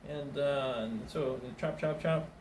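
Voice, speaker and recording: A man's voice: medium pitch, unhurried, a little mellow, far from the mic, slight background noise. Rambling man telling a story in an echoey room. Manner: meandering, many fillers and restarts, acts out quoted voices. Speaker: stand-up comedian.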